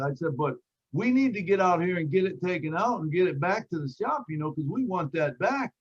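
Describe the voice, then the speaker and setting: A man on a video call telling a lively sales story, acting out the voices of the people in it. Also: sits high, a little fast, husky, muffled recording. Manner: animated storyteller who acts out quotes. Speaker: sales team member sharing a story.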